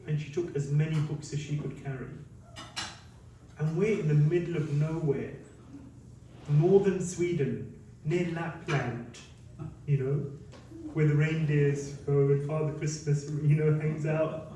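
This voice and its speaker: Storytelling monk in an echoey hall. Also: male voice, on the high side, a little slow, long pauses, a little hiss or hum. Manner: lively anecdotal storytelling, acts out quotes. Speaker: monk giving a talk. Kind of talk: storytelling talk. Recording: very echoey hall, mic at a distance.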